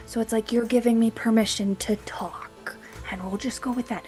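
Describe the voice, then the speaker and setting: A woman chats as a player in a tabletop session. She talks in a fairly high voice and presses her point insistently, laughing between lines. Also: fairly even intonation, normal speed, hardly any pauses, darkish tone, faint music behind. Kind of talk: casual tabletop chat.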